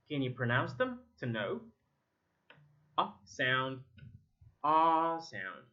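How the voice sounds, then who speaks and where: Egyptian guy teaching english vowels, arabic native, super slow, bouncy pitch, kinda muffled recording. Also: bright, forceful tone. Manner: stretches and repeats single words for contrast. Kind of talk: slow drilling of vowel sounds, repeat-after-me. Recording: slightly dull lo-fi sound.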